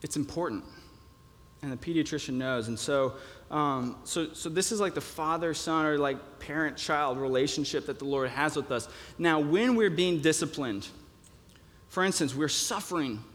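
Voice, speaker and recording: A man's voice: on the high side, moderate pace, a bit bright. Man preaching with hall reverb. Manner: conversational, with many fillers and restarts. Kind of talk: sermon.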